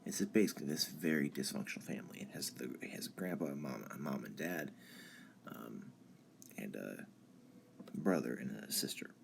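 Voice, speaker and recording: Super deep voiced guy, kinda gravelly, lots of ums, live stream rambling, faint hiss behind. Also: animated. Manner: halting, many ums and restarts. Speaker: channel host. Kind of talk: casual philosophy talk on a live stream.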